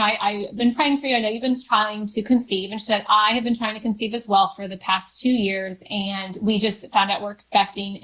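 A woman's voice: medium pitch, fairly bright tone, low-quality recording. A woman in her thirties, a podcast guest, telling a personal story with many fillers and restarts.

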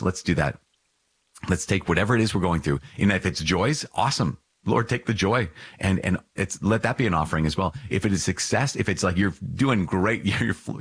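A man's voice: low voice, slightly rough, dry recording. A man, a priest, giving an earnest catechism talk that exhorts his listeners, with playful asides. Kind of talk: podcast catechism teaching.

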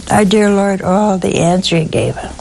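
A woman's voice: medium pitch, a little slow, vocal fry, darkish tone, a little hiss or hum, rough recording. A woman giving a sermon, telling stories with humor and asking her listeners rhetorical questions. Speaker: preacher.

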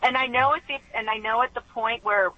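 A woman calling in to an advice show who talks haltingly, with many pauses and restarts. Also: on the high side, steady tone, husky. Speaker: caller. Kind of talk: call-in conversation. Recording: dull phone line with faint noise.

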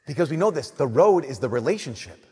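A young adult man giving a sermon, telling animated stories and swinging between loud emphasis and soft, slow lines. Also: mid-range voice, husky. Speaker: Catholic priest. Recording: long reverb of a church.

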